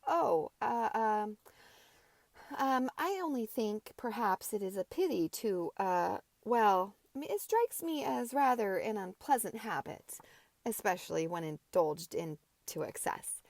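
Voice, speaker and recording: A woman's voice: medium pitch, expressive, a little slow, creaky, darkish tone, no room sound. A woman voicing a mild, timid young man who lisps and speaks hesitantly, with many fillers. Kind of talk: amateur audiobook character voice.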